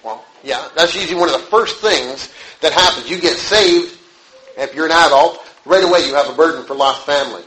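A man pastor preaching a sermon, telling a story in a conversational, halting way with rhetorical questions. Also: fairly high pitch, a bit bright. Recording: echoey room, faint noise.

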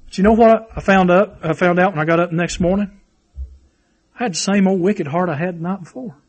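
A man's voice: high-pitched, fairly quick. A man preaching a sermon, fervent and repetitive, telling personal stories.

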